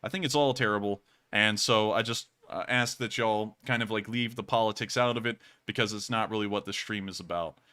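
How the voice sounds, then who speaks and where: A man's voice: fairly low pitch, a little fast, hardly any pauses, sharp tone, clear, resonant tone. A man hosting a livestream, talking casually and earnestly in long rambling sentences with frequent thanks to viewers. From United States. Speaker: livestream news host.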